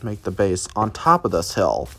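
A man's voice: lowish voice, very animated, moderate pace, bright, forceful tone, a little hiss or hum. A man giving live commentary as he plays a survival game, chatting to viewers and reacting aloud as things happen. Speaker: let's play gamer.

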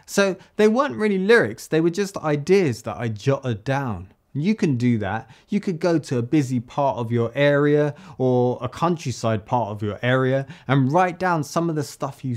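A man from the UK teaching a songwriting tutorial, explaining step by step and reading lines slowly in rhythm. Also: mid-range voice. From United Kingdom. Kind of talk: friendly tutorial.

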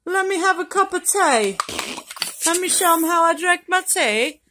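A woman's voice: extremely high pitch, lively intonation, normal speed, background noise. A woman filming a home video, putting on a playful, mock-proper posh English accent.

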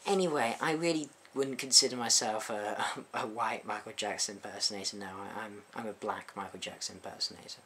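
A young man talks straight to camera in a loose, chatty vlog. His voice is bright and sharp-edged. He sounds openly bewildered and keeps asking exasperated questions. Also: fairly low pitch, fairly even intonation, normal speed, slight background noise. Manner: baffled, exasperated, full of rhetorical questions. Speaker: YouTube music reviewer. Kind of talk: casual vlog commentary.

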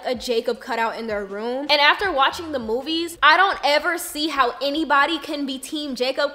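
A young woman in her twenties talks casually to her camera at home, chatty and animated with plenty of slang. Her voice sits a little high and sounds bright and forward. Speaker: vlogger. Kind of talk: casual vlog chat to camera.

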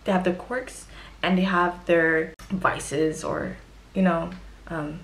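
A young woman talking casually to camera about books, chatty and expressive, with quick exaggerated exclamations. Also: lowish voice. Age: young adult. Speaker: book vlogger. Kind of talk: casual book review monologue.

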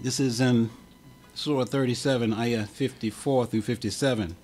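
A man's voice: medium pitch, steady tone, normal speed, a little mellow, a little hiss or hum. A man preaching a sermon as imam, with an impassioned cadence that swells and drops. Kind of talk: Friday sermon.

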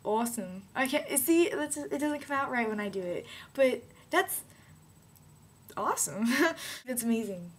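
A woman's voice: sits high, lively intonation, moderate pace, few pauses. A woman rambling playfully in a casual video diary, giggling often. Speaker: vlogger.

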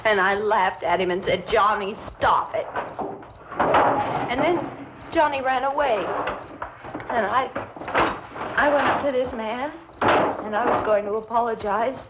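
An actress playing a young woman in shock over her lost brother, recalling the attack in a halting way and breaking into sobbing pleas, in 1960s horror film acting. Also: a little high, lightly acted. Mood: dazed. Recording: dull, hissy old film soundtrack.

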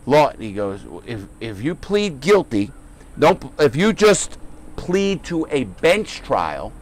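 Profane, animated male storyteller. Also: on the high side, slow pace. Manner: profane, animated storyteller acting out courtroom voices. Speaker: podcast host. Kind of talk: casual storytelling chat.

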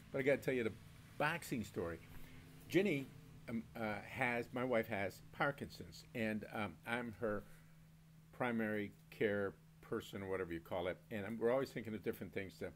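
Here a lowish male voice comes with a bit of hiss or hum. He's an older man from Maine running a home beer review, and his talk is a loose, rambling monologue of stories, peppered with mild cursing and lots of laughter.

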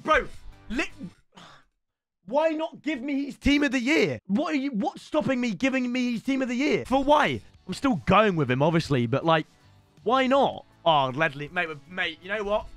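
A young man talks through a football video game on his stream, his voice high and bright. He swings from chatty to loud bursts of hype and frustration. The sound is dry and close, with faint music behind him. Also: dry recording. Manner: excitable, shouts and swings between hype and frustration. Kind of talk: gaming stream commentary.

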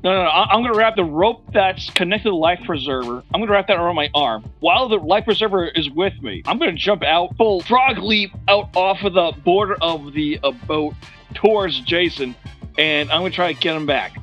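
A man playing a tabletop game in character, brash and quick. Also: sits high, lively intonation, fairly bright tone, dull audio, soft background music. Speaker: player.

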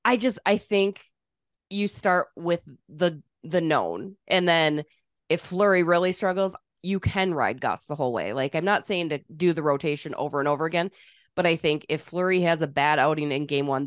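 Lady podcast host talking hockey, lowish voice, teasing and opinionated, dry close sound. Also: moderate pace, no echo. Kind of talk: casual sports chat.

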